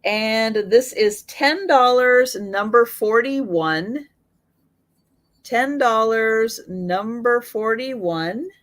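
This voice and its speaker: A woman hosting a live online sale, listing vintage items and prices one by one with fillers, her voice slightly worn. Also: a little high. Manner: slow, item-by-item pricing with fillers.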